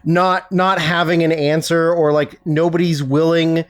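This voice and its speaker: A man's voice: a little high, level tone, a little slow. A man co-hosting a casual film podcast, reading out trivia with dry jokey asides. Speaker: podcast co-host.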